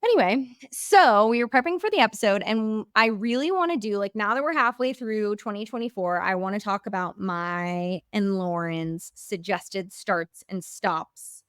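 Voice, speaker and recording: A woman's voice: mid-range voice, animated, moderate pace, hardly any pauses, clean tone, no room sound, clean studio sound. A young woman hosting a podcast, chatting casually in a bubbly, gushing way and saying "like" often. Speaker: podcast host.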